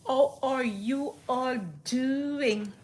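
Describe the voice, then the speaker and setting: A woman's voice: sits high, extremely slow. A middle-aged Jamaican woman hosting a casual cooking livestream from her home kitchen, chatting with viewers and repeating herself often.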